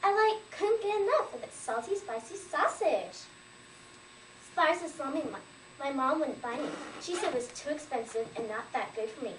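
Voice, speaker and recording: A woman reciting a lively personal story at a language fair, peppering it with "like". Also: sits high, normal speed, noisy background. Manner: lively storyteller, heavy use of "like". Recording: echoey room, mic far off.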